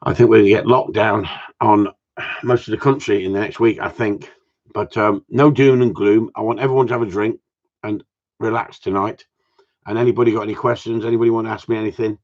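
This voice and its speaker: The stream sounds dull and lo-fi as a man with a lowish, steady voice talks fast to his followers. Casual, chatty, and full of jokes, he greets viewers by name.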